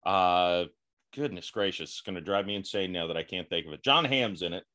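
A man's voice: low voice, brisk, pushed and bright. A man hosting a podcast interview, chatty and laughing often between thoughts. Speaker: podcast host. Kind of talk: casual interview chat.

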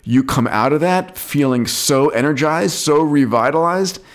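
A man's voice: fairly high pitch, unhurried. A man hosting a podcast in casual chat, enthusiastic, jumping in with comments and reactions. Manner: enthusiastic, interjects and laughs. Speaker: podcast host.

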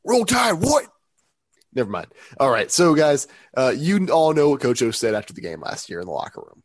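A sick, sniffly man co-hosting a casual sports podcast. He rambles, jokes and corrects himself as he goes, in a middle-pitched voice recorded close and dry. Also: big pitch swings, brisk, dry recording. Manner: rambling, self-correcting, joking. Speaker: podcast co-host.

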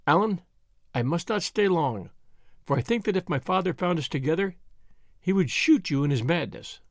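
A man reading an audiobook, voicing an earnest young woman who speaks softly and solemnly. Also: on the high side, expressive, moderate pace, vocal fry, dry recording, clean studio sound. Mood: tender, sorrowful. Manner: soft and solemn.

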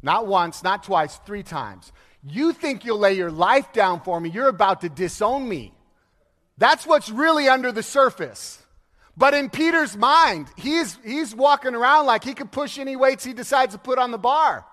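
Male pastor, high voice, animated sermon storyteller, long hall reverb. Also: moderate pace. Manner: lively, laughing storyteller acting out quotes.

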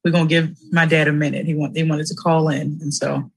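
A woman hosting a casual livestream chat, animated and emotional, breaking into loud shouts. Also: low-pitched, fairly quick, creaky, slightly rough, rough recording. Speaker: livestream host and aunt.

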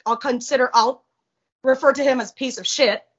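A woman guest in a casual interview, telling a personal story in a blunt, profane, animated way. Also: high-pitched, moderate pace, husky, dull audio.

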